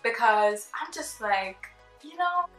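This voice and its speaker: A young woman vlogger telling a casual storytime, chatty and animated, acting out the people she quotes. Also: on the high side, takes it slowly. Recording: roomy with faint background music.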